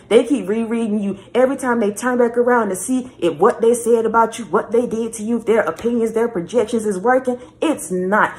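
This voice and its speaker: A woman's voice: on the high side, a little mellow. A woman giving a spiritual message reading in a repetitive, preachy way, often calling the listener baby. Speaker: spiritual reader.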